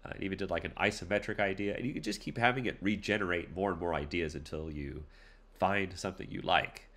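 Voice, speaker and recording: A man's voice: low-pitched, fast talker, creaky, fairly bright tone. A man hosting a casual tutorial, talking loosely and playfully with plenty of fillers and asides. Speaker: tutorial host. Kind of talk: casual screen-recorded tutorial.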